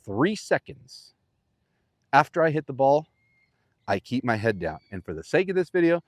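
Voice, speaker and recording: A man teaching golf out on the course, his voice swinging up and down as he jokes and paints pictures for the viewer. Playful and animated, speaking with an outdoor mic. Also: mid-range voice, normal speed, no room sound, studio quality. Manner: playful, animated coaching with vivid imagery. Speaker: golf instructor.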